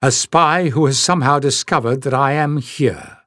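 A man's voice: mid-range voice, moderate pace, fairly bright tone, no echo, studio quality, voice pushed up, lightly acted. A man reading aloud, voicing a brave and earnest young woman in a storybook. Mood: firm.

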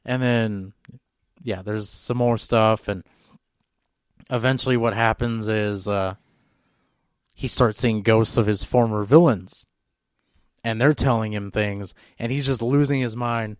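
A podcast co-host with a fairly low, clean voice takes his time telling a long, rambling story, restarting and filling gaps with filler words. He keeps a steady tone and talks a little slowly, in a dry, clean studio recording.

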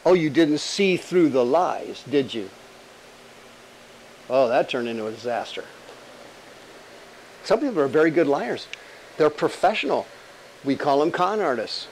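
A fairly high-voiced man teaches from scripture in a conversational sermon, firing rhetorical questions. He slows down to lean on key words. A faint hiss of noise sits under his voice. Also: expressive, poor audio. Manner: conversational, rhetorical questions, emphatic slow stresses. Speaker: preacher.

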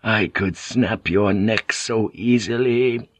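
A man voicing a serene, quietly menacing old monk. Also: lowish voice, takes it slowly, no echo.

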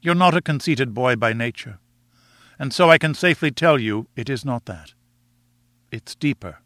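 Proud young woman, composed, gently reproving, audiobook dialogue, voiced by a male reader. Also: mid-range voice, lively intonation, normal speed, no echo, studio quality, natural voice. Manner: gentle, reasoning, lightly reproving.

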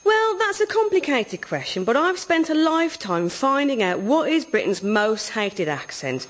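A woman's voice: high voice, sing-song, moderate pace. Woman with a sing-song rising lilt. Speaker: comedy guest. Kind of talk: scripted comedy radio show.

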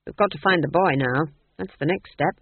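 A reader voicing a blunt, disapproving old witch who talks flatly and curtly. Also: low voice, moderate pace, husky, no room sound. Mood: stern. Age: older. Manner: flat, curt and disapproving. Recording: tinny, dry phone-like audio.

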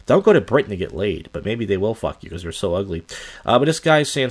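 A man's voice: on the low side, very animated, fast talker. A man hosting a reaction video, giving crude, mocking commentary over clips and often breaking into laughter.

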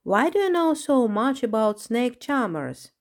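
A woman's voice: fairly high pitch, very animated, unhurried, voice pushed up. Woman doing a curious little lizard boy. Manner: polite, inquisitive. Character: curious young male lizard.

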